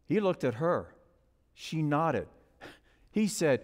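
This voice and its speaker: A man preaching as a guest pastor, telling a story in a dramatic, animated way. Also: fairly high pitch, takes it slowly. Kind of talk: sermon. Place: church sanctuary. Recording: long church reverb.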